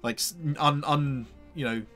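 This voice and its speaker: A man's voice: a little high, steady tone, a little slow, a bit bright, faint music behind. A man narrating as game master of a tabletop game, with hesitant phrasing and lots of fillers. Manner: hesitant, full of fillers like "sort of".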